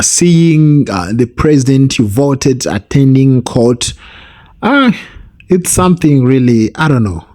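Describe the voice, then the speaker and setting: A man's voice: medium pitch, a little mellow. Hesitant man giving commentary. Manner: hesitant, many fillers, repeats himself. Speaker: reaction channel host.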